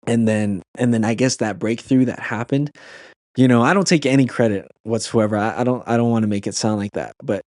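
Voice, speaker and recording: A man's voice: mid-range voice, a little fast, a little mellow, no room sound. A man in the middle of a conversation on a faith podcast, telling a story about his time as a camp leader. He speaks earnestly and stumbles through restarts and fillers. His voice sits in a middle range and is recorded dry and close.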